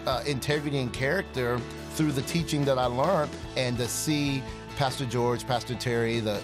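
A man sharing a personal testimony in an earnest, animated way, acting out the dialogue he quotes. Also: medium pitch. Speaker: ministry partner giving a testimony. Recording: guitar music playing underneath. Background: soft guitar music.

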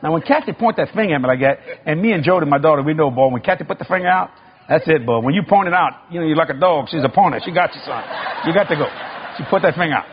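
Preacher guy telling funny stories, super raspy, voice jumps around a lot. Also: a little high, very fast. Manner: animated, folksy, joking. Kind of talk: storytelling sermon. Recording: dull lo-fi recording.

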